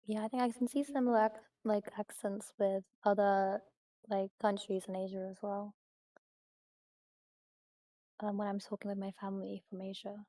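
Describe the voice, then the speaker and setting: Flat-toned, mellow woman chatting. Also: mid-range voice, moderate pace, pauses often. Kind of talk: casual chat.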